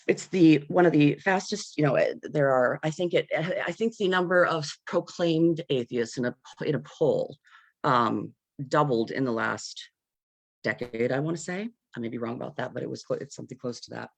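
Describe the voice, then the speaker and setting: A panel speaker in an unscripted discussion who talks earnestly and haltingly, searching for words with many fillers and nervous laughs, heard over a video call. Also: medium pitch, vocal fry, no echo.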